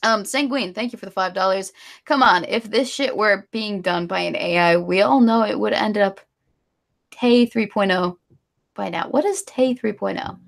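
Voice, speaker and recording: A woman's voice: mid-range voice, normal speed, creaky. A woman co-hosting a casual live stream, ranting with strong opinions and reading viewer donations. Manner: opinionated ranting, then giggly and apologetic. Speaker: stream co-host.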